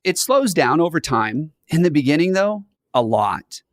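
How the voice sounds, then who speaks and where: A man talking as a podcast guest about hiring, animated and acting out little scenes. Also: a little high, moderate pace, no echo, clean studio sound. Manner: animated, playfully acts out scenes. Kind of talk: conversational podcast interview.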